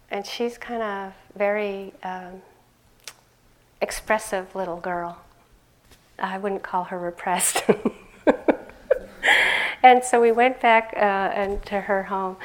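An older woman, a meditation teacher, gives a conversational dharma talk in a medium-pitched voice. She laughs often and becomes animated as she tells stories.

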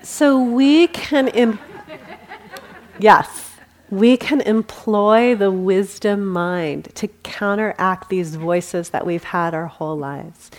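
A woman meditation teacher giving a dharma talk at a meditation center. Her voice sits a little low, and her delivery is gentle and unhurried, with easy humor and laughter worked into the teaching. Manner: gentle and warm, with light humor and frequent laughter.

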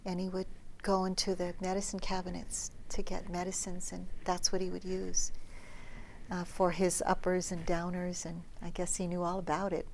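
A middle-aged woman meditation teacher giving a dharma talk at a retreat, telling stories gently and often dropping to a soft near-whisper. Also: lowish voice, completely flat delivery, normal speed, vocal fry, a little hiss or hum.

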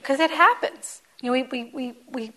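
A woman meditation teacher speaks to a group gathered in a meditation hall. Her voice sits a little high, and her delivery is gentle and conversational, with many soft asides. At times she drops into a near whisper. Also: moderate pace. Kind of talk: dharma talk.

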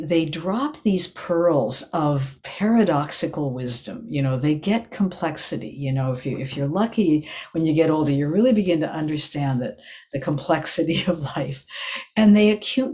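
An older woman who teaches meditation gives an evening dharma talk, telling a story in a gentle, reflective way and correcting herself as she goes. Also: low voice, big pitch swings, moderate pace. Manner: meandering storytelling, restarts and self-corrections.

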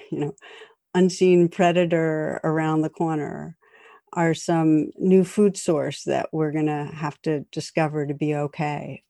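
A woman meditation teacher giving a calm, reflective dharma talk with gentle jokes. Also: low-pitched, no room sound, studio quality.

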